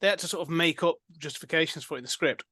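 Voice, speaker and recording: A man's voice: on the high side, racing, sharp tone. A man chatting casually about a film as a podcast co-host, rambling with many fillers and restarts.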